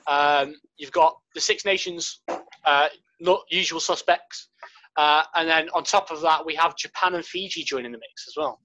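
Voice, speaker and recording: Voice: medium pitch, steady tone, normal speed, pushed and bright, dull audio. A co-host of a rugby podcast, teasing and quizzing the others. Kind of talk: casual rugby chat.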